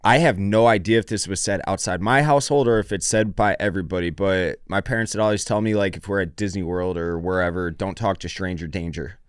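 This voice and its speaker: A man in casual podcast chat, hesitant and drawn out, with long pauses. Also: low voice, clean tone, no echo, clean studio sound. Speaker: podcast co-host.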